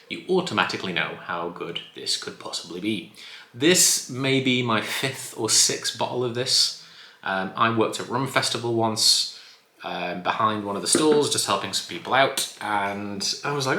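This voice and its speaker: A man's voice: lowish voice, bright, forceful tone. A man chatting enthusiastically as he reviews a spirit, often correcting himself. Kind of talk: casual review vlog. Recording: echoey room.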